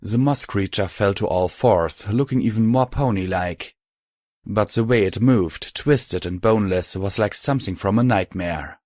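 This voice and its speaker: Male audiobook narrator, lowish voice, dry close sound. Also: moderate pace, darkish tone, no room sound. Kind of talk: scripted narration.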